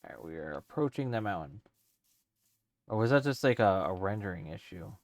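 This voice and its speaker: A man's voice: fairly low pitch, lively intonation, a little fast, no echo, studio quality. A man streaming a let's play, rambling casually as he thinks aloud with lots of fillers. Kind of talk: casual let's-play commentary while gaming.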